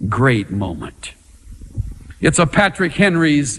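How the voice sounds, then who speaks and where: A man preaching with a lively, swooping pitch that climbs high when he gets worked up. He talks slowly and dramatically and leans on his pauses. His voice rings out with the long reverb of a big hall. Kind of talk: sermon.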